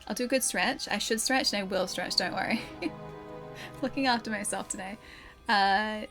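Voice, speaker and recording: Young Aussie woman, chatty game streamer, laughs easily, clear game music behind her. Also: mid-range voice. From Australia. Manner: chatty, giggly, answers viewer chat. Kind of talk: casual live-stream chat while playing. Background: game music clearly audible.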